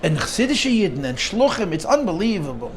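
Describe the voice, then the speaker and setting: A rabbi leads an informal Torah class, telling stories animatedly, often restarting phrases and sprinkling in Yiddish and Hebrew terms. His voice is high and fairly quick, with a little hiss or hum.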